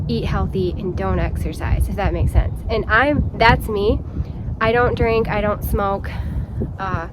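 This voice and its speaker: A woman's voice: medium pitch, measured pace, background noise. A woman vlogging about her home garden in a casual, rambling chat, talking straight to her viewers while she works outdoors.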